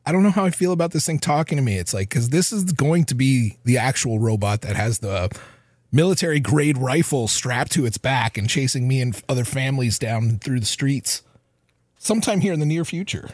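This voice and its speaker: A man's voice: mid-range voice, animated, brisk, darkish tone, no room sound, clean studio sound. A man co-hosting a podcast, riffing playfully in casual chat. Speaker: podcast co-host.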